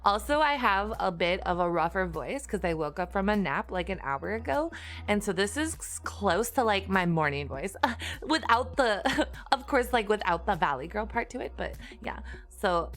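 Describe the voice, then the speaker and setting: A woman streamer putting on a ditzy, gushing Valley Girl voice, her own voice a little rough from just waking up. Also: mid-range voice, sing-song, normal speed, a bit bright. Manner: gushing, peppered with "like" and "oh my God". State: slightly rough just-woke-up voice.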